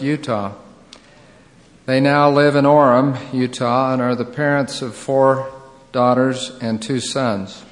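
Male college president, measured formal introduction, reverberant auditorium. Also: medium pitch. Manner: measured, reading a biography aloud. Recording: long reverb of a large hall.

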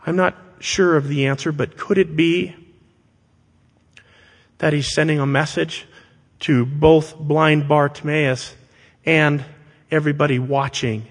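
Man, preacher, sermon, unhurried delivery, emphatic, rhetorical questions, long hall echo. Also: on the high side, steady tone.

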